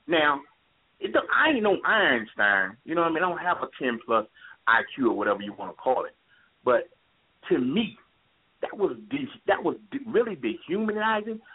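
A man's voice: high voice, husky. A man calling in to a talk radio show, talking with passion and repeating his points for emphasis. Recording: tinny phone line.

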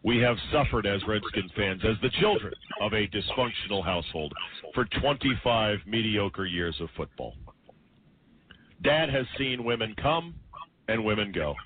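A male radio host delivering a dramatic sports talk monologue, acting out family members as he tells it. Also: fairly low pitch. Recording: tinny radio broadcast with faint hiss.

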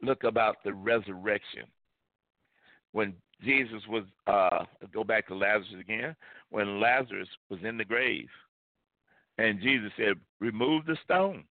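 A man's voice: fairly low pitch, fairly even intonation, a little slow, no room sound. A male pastor preaching a sermon with emphasis, repeating key phrases. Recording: tinny phone-like line, dry.

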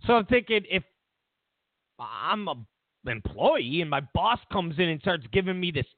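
At normal speed, a high, animated male voice rants casually about the news on his own show, sarcastic and mocking in tone. This political commentary is recorded dry, with no room sound, over a tinny phone-like line.

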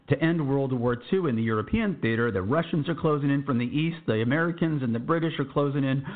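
A man's voice: medium pitch, quick pace. A man in his fifties from Texas, telling his own war memories in a conversational, digressive way with many asides. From San Antonio, Texas. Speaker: veteran podcast storyteller. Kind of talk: first-person war storytelling. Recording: tinny phone-like sound.

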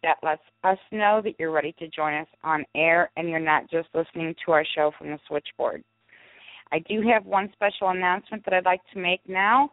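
Brief: lower-pitched woman co-host reading show announcements, brisk and chatty, on a tinny phone line. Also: no room sound. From St. Louis area. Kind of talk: casual chat on internet radio.

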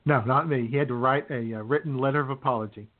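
A man's voice: mid-range voice, fairly even intonation, quick pace. Guy rambling thru a funny story on his podcast, phone-quality sound. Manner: rambling storyteller, laughs at own stories. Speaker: podcast host. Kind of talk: casual chat. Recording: tinny phone-like audio.

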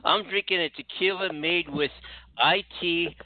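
A man's voice: a little high, unhurried. A man co-hosting a casual talk show, chatty and plugging a sponsor's drink. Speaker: co-host. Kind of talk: casual chat. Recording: phone-like line with faint noise.

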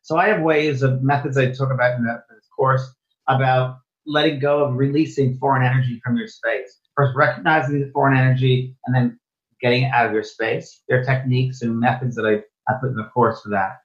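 A man's voice: mid-range voice, steady tone, brisk. Earnest man in a lo-fi interview. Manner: earnest, often repeats and restarts phrases. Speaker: interview guest, spiritual medium and teacher. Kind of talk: casual interview chat. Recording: dull, lo-fi sound.

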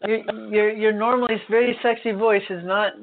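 A woman on a phone line chats bluntly and teases, swearing without a second thought. Her voice sits at a middle pitch and sounds thin and tinny over the line. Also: fairly even intonation, normal speed. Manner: blunt, teasing, swears freely. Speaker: co-host on the phone. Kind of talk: casual chat.

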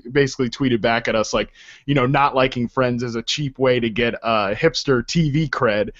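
A man's voice: mid-range voice, moderate pace, fairly bright tone. A man hosting a casual podcast conversation, rambling with many restarts. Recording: dull, muffled lo-fi sound.

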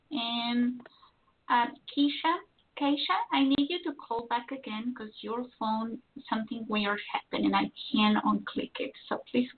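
A woman co-hosting a call-in show, introducing callers in an unhurried, matter-of-fact way. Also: fairly high pitch. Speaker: show co-host taking calls. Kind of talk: casual radio hosting. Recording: tinny phone-like line with faint noise.

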